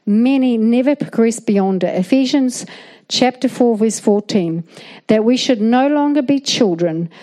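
A woman preaching a sermon, often calling out "amen?" to the congregation. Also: on the high side. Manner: animated, calls out "amen?" to the congregation. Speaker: guest preacher.

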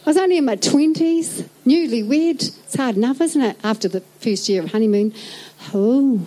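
A middle-aged woman with a New Zealand accent preaching a sermon in a lively, joking way, acting out little scenes. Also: a little high, moderate pace, poor audio. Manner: animated, jokey, acts out little scenes.

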